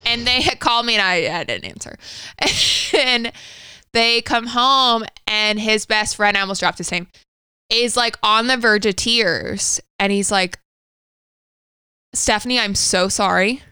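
A woman's voice: a little high, animated, unhurried, bright, forceful tone, clean tone, no room sound. A woman in her thirties co-hosting a podcast, telling a personal story candidly and swearing freely. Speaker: podcast co-host. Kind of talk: casual conversational storytelling.

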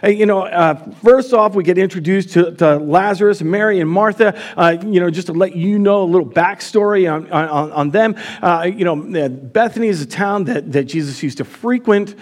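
A man's voice: sits high, moderate pace, hardly any pauses. A man preaching a live sermon as pastor in a church, casual and chatty, with many fillers.

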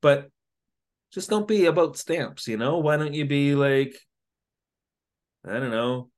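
A man co-hosting a casual podcast, retelling an episode in an animated, jokey way. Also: on the high side, a little slow. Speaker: podcast co-host. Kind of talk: casual comedic recap chat.

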